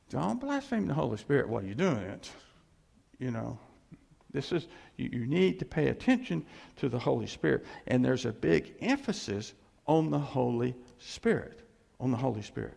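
Gravelly-voiced male pastor preaching in a hall. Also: mid-range voice, a little mellow. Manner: conversational preaching with chuckles and asides. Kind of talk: sermon.

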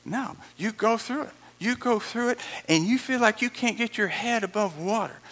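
A man's voice: high voice, normal speed, a bit bright. A male pastor, preaching a sermon emphatically, repeating lines and adding dramatic asides.

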